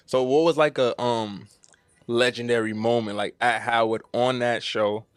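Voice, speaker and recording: A man's voice: mid-range voice, steady tone, unhurried, clean tone, no echo, clean studio sound. A man hosting a casual podcast, laid-back with slang and hesitant fillers. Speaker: podcast host.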